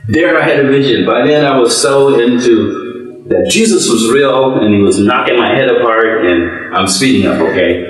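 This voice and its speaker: A man's voice: mid-range voice, moderate pace. A man in his seventies telling his life story in an oral history interview, rambling and talkative, often breaking into laughs. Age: 70s. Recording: very echoey room.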